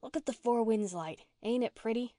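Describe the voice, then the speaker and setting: A woman voicing a rough-spoken runaway orphan girl who talks in blunt, folksy country slang, read for a storybook. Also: on the high side, normal speed, warm tone, no echo, studio quality, close to an everyday voice.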